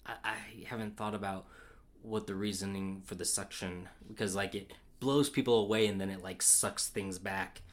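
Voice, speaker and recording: A man co-hosting a casual film chat, excitable and rambling, with lots of fillers and restarts. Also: deep voice, moderate pace. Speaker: podcast co-host.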